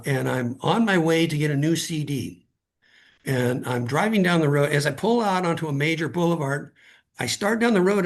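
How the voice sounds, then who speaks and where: A man's voice: a little high, husky. A middle-aged man, a guest author, earnestly telling a personal story in conversation and often repeating words as he starts a thought.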